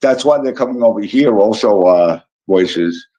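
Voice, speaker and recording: A man's voice: fairly low pitch, expressive, unhurried, mellow. A man from Illinois hosting a casual live stream, chatting with viewers and greeting them by name in a teasing way. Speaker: livestream host. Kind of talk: casual live chat reading comments. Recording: dull lo-fi sound.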